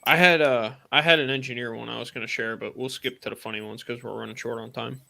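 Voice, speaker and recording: A man's voice: mid-range voice, fairly even intonation, fast, gravelly. A man co-hosting a live stream, casually telling a funny job story, profane and laid-back, acting out what people said. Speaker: co-host and tradesman.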